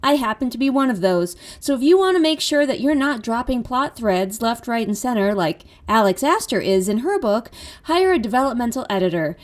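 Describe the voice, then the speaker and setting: A woman reads her own ad as a voiceover, pitching her editing services in a chatty, upbeat way. Her voice sits a little high. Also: animated, brisk. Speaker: freelance editor. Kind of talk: ad read voiceover.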